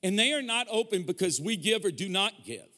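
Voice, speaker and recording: A man's voice: high-pitched, animated, brisk, bright, forceful tone. A man preaching a sermon as a pastor, mixing jokes and stories with call-and-response to the congregation. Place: large church hall. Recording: long hall reverb.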